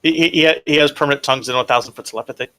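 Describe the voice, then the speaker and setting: A man's voice: mid-range voice, very fast, sharp tone. A man running a tabletop role-playing game, chatting loosely, laughing often and rephrasing as he describes the action. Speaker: game master. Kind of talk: tabletop game session, casual narration.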